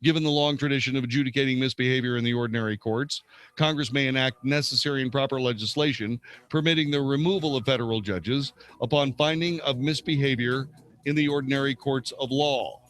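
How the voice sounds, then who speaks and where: A man's voice: medium pitch, fairly even intonation, a little fast, a bit bright. A man hosting a show, reading legal texts aloud and commenting, stumbling and correcting himself now and then. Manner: reads steadily, stumbling and correcting himself at times. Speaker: host.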